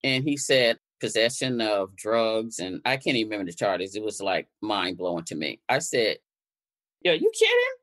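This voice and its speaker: A woman's voice: very deep voice, normal speed, few pauses, a bit bright. An older woman from Connecticut, a guest and activist, telling her story in conversation and acting out the exchanges she quotes. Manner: recounting events, re-enacting exchanges in quotes.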